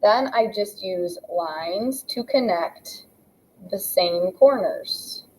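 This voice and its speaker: A woman's voice: medium pitch, animated, drawn-out words, slight background noise, poor audio. Young adult female math teacher, patient, step-by-step classroom explainer. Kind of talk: classroom lesson narration.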